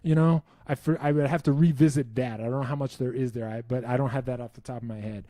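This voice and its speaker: A man's voice: mid-range voice, steady tone, quick pace, mellow, dry recording, clean studio sound. A man hosting a casual live stream, answering viewer questions in a rambling, self-interrupting way with wry enthusiasm.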